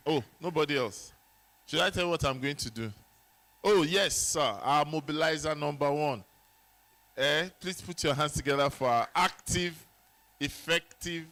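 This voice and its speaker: A man hosting a summit session in a conference hall. He speaks slowly with a bright, forceful tone and a slightly raised pitch. He exclaims and throws questions at the audience. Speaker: event host.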